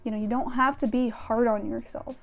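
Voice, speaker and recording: A woman's voice: a little high, fairly even intonation, brisk, creaky, faint music behind. A young woman vlogging frankly and casually, with plenty of fillers and casual swearing. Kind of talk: candid talk to camera about mental health.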